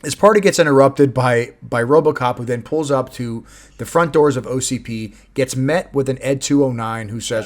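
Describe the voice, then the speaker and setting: A man with a medium-pitched voice hosts a casual movie review podcast at a moderate pace, recapping the plot amid swearing and laughter.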